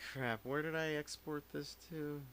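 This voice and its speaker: Man, slow rambling live-stream chat, profane and self-mocking, bright voice, faint noise behind. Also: fairly high pitch, steady tone. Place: home recording setup.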